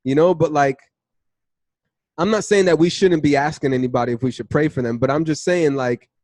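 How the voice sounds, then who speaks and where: A young man with a slightly high voice shares a testimony in a relaxed, conversational teaching style. He slips into the voices of the people in his story as he retells it, over a dry, close sound. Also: fairly quick, dry recording. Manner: animated storytelling, acts out dialogue with "I was like". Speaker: Bible study teacher.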